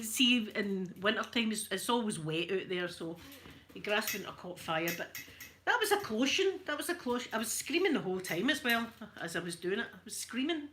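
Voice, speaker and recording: A woman's voice: fairly high pitch, sharp tone, a little hiss or hum. A Scottish woman hosting her channel, telling rambling stories in casual chat and laughing often. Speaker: channel host.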